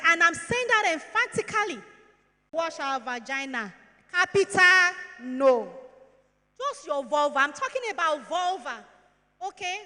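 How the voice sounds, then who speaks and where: A woman's voice: extremely high pitch, sharp tone. A woman in her forties with a Nigerian accent, giving a frank, motherly and emphatic health talk to schoolgirls. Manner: motherly, frank and emphatic, asks and answers questions. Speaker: health educator. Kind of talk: talk to schoolgirls on puberty and hygiene. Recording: long hall reverb.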